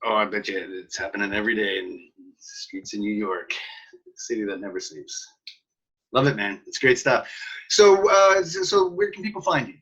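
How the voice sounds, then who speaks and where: A man's voice: fairly low pitch, normal speed, fairly bright tone, slightly rough. A Canadian man hosting a podcast, easygoing and laughing, with lots of fillers as he chats. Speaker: podcast host. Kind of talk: casual interview chat. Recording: dull lo-fi audio.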